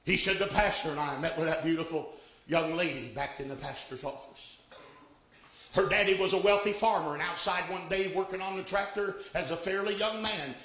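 Older preacher, bright echoing voice. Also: male voice, on the high side. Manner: swings from hushed storytelling to shouted preaching. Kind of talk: sermon with storytelling.

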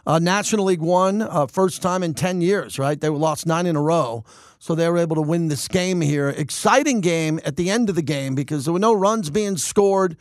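Sports radio host guy, fired up, opinions flying, kinda high voice, dead dry studio sound. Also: moderate pace, dry recording. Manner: energetic, opinionated, thinks aloud with restarts. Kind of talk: sports talk radio monologue.

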